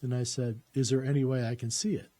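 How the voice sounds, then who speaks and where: A man's voice: medium pitch, little pitch movement, quick pace, warm tone. A man telling a personal story in a casual, rambling way, with lots of "uh" fillers and restarts.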